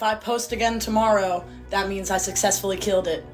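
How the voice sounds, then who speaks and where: A woman giving casual comedic commentary with deadpan, sarcastic asides. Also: medium pitch, fairly quick, over music. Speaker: comedy content creator.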